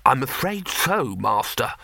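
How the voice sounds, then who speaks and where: A man's voice: mid-range voice, very animated, unhurried, vocal fry, sharp tone, no room sound, clean studio sound, heavily acted. A man voicing a nervous, fussy male bursar who speaks anxiously and deferentially.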